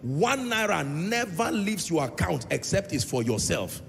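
A man's voice: on the high side, big pitch swings, measured pace, gravelly, a bit bright. A man preaching a sermon in a large church hall, pressing his point with repeated phrases and sometimes half-singing his lines. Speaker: pastor.

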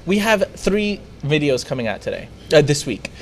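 A man's voice: a little high, sing-song, normal speed, a little hiss or hum. A man co-hosting a live stream in a casual, joking way, reading out comments and thanking viewers. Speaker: livestream co-host.

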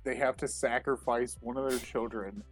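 A man's voice: medium pitch, steady tone, moderate pace, breathy edge, faint music behind. A man in casual podcast chat, animatedly quoting comedy lines and mimicking voices. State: married. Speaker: podcast co-host.

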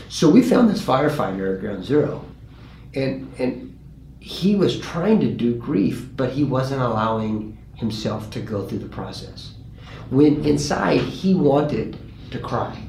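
A pastor telling a story in a conversational way, earnest, and lively when he quotes people. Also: medium pitch. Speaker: pastor and grief guest. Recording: roomy with faint ambient noise.

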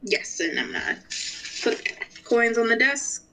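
Woman, tabletop player, slow and polite, bright voice. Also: fairly high pitch, sing-song, vocal fry, a little hiss or hum, low-quality recording. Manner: polite, unhurried in-character talk. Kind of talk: playing a character in a tabletop game.

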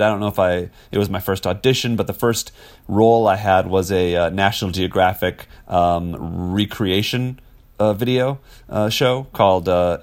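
A man in his forties from Wisconsin, an actor telling stories in a casual interview, rambling with many fillers. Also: on the low side. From Wisconsin, USA. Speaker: actor guest.

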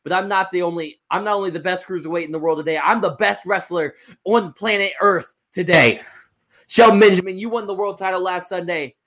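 A man's voice: high voice, a little fast, fairly bright tone, voice pushed up. A man voicing a confident male wrestling champion delivering an emphatic promo. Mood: proud defiant.

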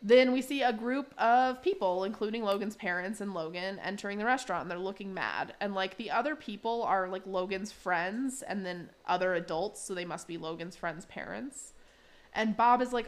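A woman's voice: mid-range voice, moderate pace. A woman hosting a podcast, casually recapping a cartoon episode in a chatty way, with frequent laughs and fillers. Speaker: podcast host.

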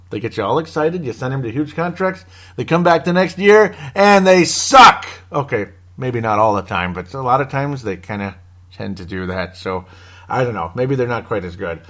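A man hosting a casual sports podcast on his own, rambling and joking and cutting himself off with little laughs. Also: fairly low pitch. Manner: rambling, jokey, self-interrupting with laughs. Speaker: podcast host.

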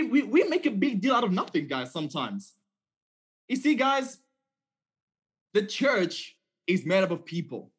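A man preaching a sermon in a conversational, animated storytelling way, often checking in with "okay?". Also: sits high, husky.

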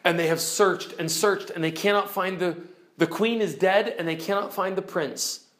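A man retelling a children's book aloud in an expressive, animated way, swinging between loud bursts and hushed lines. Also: sits high, normal speed. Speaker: storyteller.

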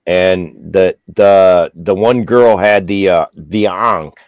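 Casting: man with a very low voice, halting, nostalgic podcast co-host, dry sound. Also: a little mellow, no echo, muffled recording. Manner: reminiscing, halting, searches for words. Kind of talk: casual chat.

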